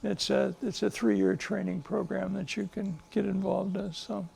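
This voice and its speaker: A man's voice: sits high, flat delivery, normal speed, gravelly, a little mellow, slightly rough. An older male psychologist telling stories to a live group, earnest and emphatic, often restarting his sentences. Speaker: psychologist and guest speaker. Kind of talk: speaking to a live group, storytelling.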